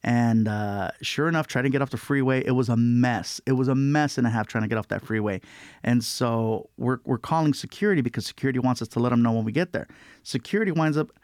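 A man telling a story as a guest comedian in an interview, animated and acting out other people's voices. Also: mid-range voice, fast, no room sound, clean studio sound. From California.

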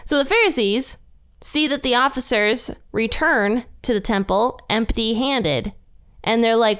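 A young woman hosting a podcast, teaching a Bible passage in a chatty, animated way. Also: on the high side, a little slow, clean tone. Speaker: podcast host. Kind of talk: casual Bible study teaching.

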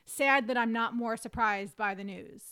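A woman co-hosting a podcast, reading through case details and quoted statements at a steady pace. Her voice is somewhat higher than most women's. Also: moderate pace, clear, resonant tone. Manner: steady narration of notes and quotes. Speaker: podcast co-host.

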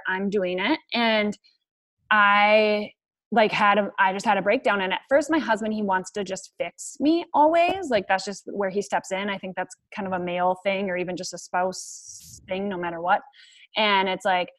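A middle-aged woman hosting a podcast interview, telling stories in an energetic, emphatic way. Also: mid-range voice, fairly quick, no room sound. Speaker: podcast host. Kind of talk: casual interview chat.

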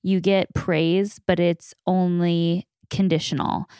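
A woman in her thirties hosts the conversation and explains ideas step by step in a teaching manner. Her voice sits a little low and sounds smooth and clear, with a dry, close sound. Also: flat delivery, slow pace, warm tone, no echo. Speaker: podcast host. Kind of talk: conversational interview.

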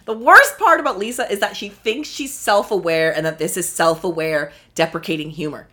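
A young woman casually recapping a reality show, snarky and profane, with sudden high exclamations. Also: normal speed, pushed and bright. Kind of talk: casual solo commentary.

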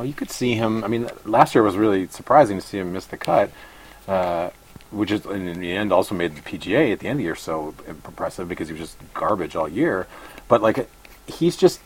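A man's voice: lowish voice, slight background noise, poor audio. A man appearing as a podcast guest who talks casually and rambles, thinking aloud with many fillers and restarts. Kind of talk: casual chat.

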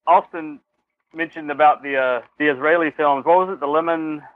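A man co-hosting a podcast, chatting quickly about a film and laughing along. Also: fairly high pitch, dry recording. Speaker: podcast co-host. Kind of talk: casual film discussion. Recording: tinny phone-like remote line.

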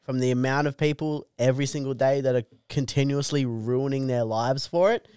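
A young comedian co-hosting a podcast, with deadpan, sweary banter. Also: male voice, mid-range voice, fairly quick, clear, resonant tone, no room sound, clean studio sound.

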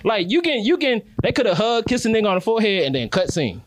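A man's voice: high voice, sing-song, quick pace, slight background noise. A man co-hosting a podcast, joking and cursing freely. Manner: joking, profane, laughs a lot. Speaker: podcast co-host. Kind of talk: casual podcast banter. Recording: loud crosstalk from other hosts.

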